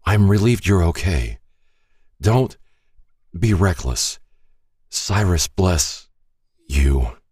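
A man voicing a mortally wounded temple elder who speaks weakly and calmly in halting phrases. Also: deep voice, slightly rough, no room sound, studio quality, pitched above the performer's own voice, heavily acted. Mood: fading. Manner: weak, halting, calm.

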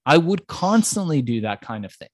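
A middle-aged Iranian man, guest on a podcast, tells his story in a conversational interview and acts out the people he met along the way. His voice is a little high and his pace moderate. The studio sound is clean with no room echo.

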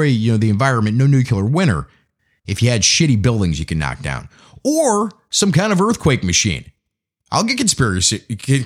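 An American man hosting a podcast, delivering a profane, conversational opinion rant. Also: medium pitch. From United States. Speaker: podcast host. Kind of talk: opinion monologue.

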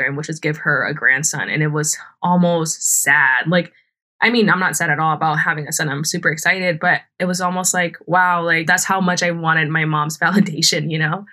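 Young woman, podcast host, casual storytelling, lots of fillers, swears, bright tense voice. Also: sits low. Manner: chatty, filler-heavy, swears freely, laughs often.

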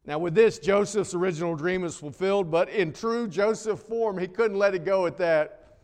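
A man's voice: high-pitched, normal speed. Preacher man in a reverberant hall. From North Carolina. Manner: dramatic swings from loud to hushed. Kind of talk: sermon. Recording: long reverb of a large hall.

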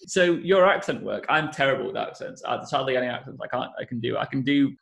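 Gravelly, bright-voiced male host. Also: medium pitch, expressive, brisk. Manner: friendly, curious interviewer. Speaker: podcast host. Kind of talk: casual podcast interview.

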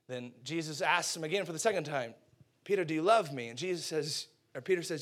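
A young man preaching a casual sermon, retelling a story with animated quoted voices and slangy asides. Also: a little high, fast talker.

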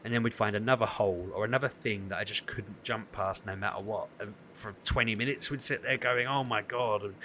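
A man's voice: fairly low pitch, brisk, few pauses, a little hiss or hum. A man, co-hosting a podcast and telling a long story with lots of acted-out quotes. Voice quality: animated, acts out quoted voices. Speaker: podcast co-host. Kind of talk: casual storytelling.

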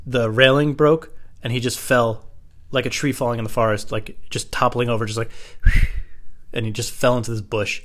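A man's voice: medium pitch, a bit bright. A man doing stand-up, telling rambling stories in a loose, profane, digressive way. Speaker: stand-up comedian.

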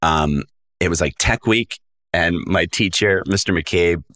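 A young man with a low, bright-edged voice tells stories on a podcast. He talks casually, full of fillers, and slips into the voices of the people he quotes. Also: measured pace. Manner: animated storyteller, acts out quoted voices, many fillers. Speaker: actor guest.

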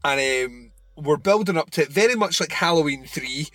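A man's voice: on the high side, expressive, moderate pace, sharp tone, no echo. A man co-hosting a podcast, chatting loosely about a horror film with lots of fillers and swearing. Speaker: podcast co-host. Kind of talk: casual movie review chat.

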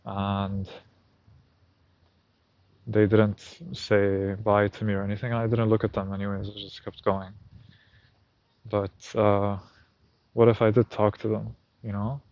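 Low, flat-voiced man talking on a night walk. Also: measured pace, long pauses, no echo, highs cut off. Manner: reflective, recounting a story aloud. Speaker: vlogger. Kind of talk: casual night-walk monologue. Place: outdoors on a street at night.

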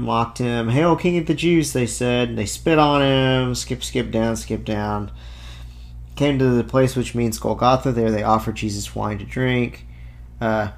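A man giving an informal apologetics talk. He reads scripture passages aloud and breaks off with casual asides and fillers. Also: mid-range voice. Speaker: Christian apologist.

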